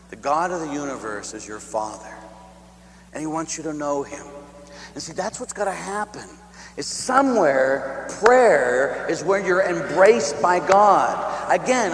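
A man, a priest, preaching a sermon, telling stories and dropping into a hushed, near-whispered tone. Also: on the high side, a little hiss or hum. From Pittsburgh area. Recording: echoey hall with long reverb.

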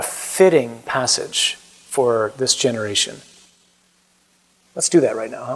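A man's voice: medium pitch, slow pace, pauses often, fairly bright tone, breathy edge. A man who is a Catholic priest, giving an earnest, emphatic and informal talk that moves into a prayer. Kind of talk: conversational preaching and prayer.

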